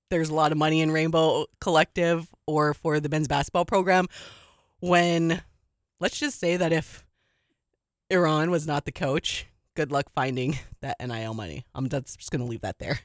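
A sports radio host in casual, animated studio chat, emphatic and quick to laugh. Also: female voice, low voice, dry recording. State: a little out of breath.

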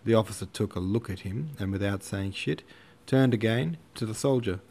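A man's voice: lowish voice, moderate pace, vocal fry, darkish tone, breathy edge. A man narrating a classic novel in a slangy, irreverent retelling. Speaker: audiobook narrator. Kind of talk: casual audiobook narration.

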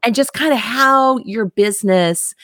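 A woman's voice: fairly high pitch, measured pace, fairly bright tone, dry recording, clean studio sound. A woman with a Texas twang hosting a podcast, chatty and enthusiastic in casual interview talk. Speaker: podcast host.

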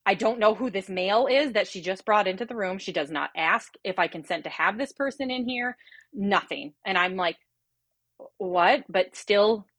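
A woman in her thirties, a pharmacist and podcast guest, telling her personal birth story in an earnest, animated way. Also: medium pitch, no room sound.

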